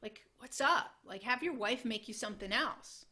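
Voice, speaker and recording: A woman's voice: fairly high pitch, expressive, moderate pace, pushed and bright. A woman voicing an exasperated male coworker who talks in a casual, fed-up way. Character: exasperated male work buddy.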